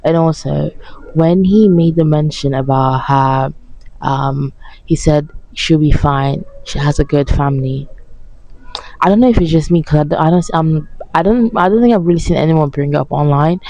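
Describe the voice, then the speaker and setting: A woman's voice: low voice, moderate pace, warm tone, no room sound, lo-fi sound. A young woman ranting sarcastically about a reality show, swearing as she talks and sounding tired. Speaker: vlogger reacting to a reality show. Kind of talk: casual reaction rant.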